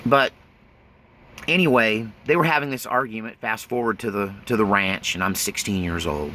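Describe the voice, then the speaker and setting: A man with a lowish voice tells his life story at a normal pace, sounding bright and forceful against slight background noise. His casual spoken memoir is blunt and folksy, punctuated by frequent nervous laughter.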